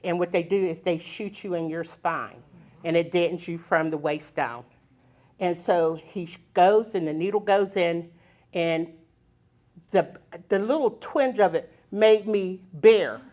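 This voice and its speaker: Older woman telling a lively story. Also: on the low side, a little slow. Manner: lively, chuckling, plain-spoken. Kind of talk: personal storytelling before a live audience. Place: community center stage.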